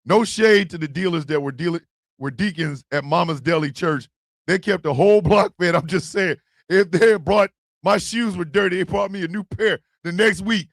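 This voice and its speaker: A man hosting a stream, ranting and joking loudly with profanity and frequent laughter. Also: sits high, normal speed, creaky, no room sound, clean studio sound. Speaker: streaming show host. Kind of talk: casual comedic rant.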